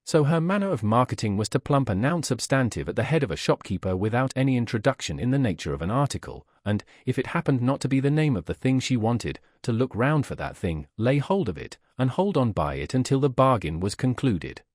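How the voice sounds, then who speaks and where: A man narrating a classic novel as an audiobook, in a measured, expressive reading. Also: mid-range voice, no room sound, clean studio sound.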